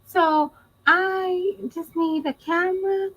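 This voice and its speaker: A woman mimicking a whiny pleading young woman, pitched high. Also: steady tone, slow, a bit bright, full character voice, poor audio.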